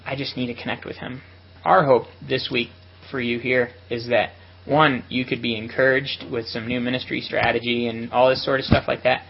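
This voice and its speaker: A man's voice: medium pitch, little pitch movement, moderate pace, gravelly, dull audio, a little hiss or hum. A man giving an earnest, reflective sermon to ministry workers at a retreat.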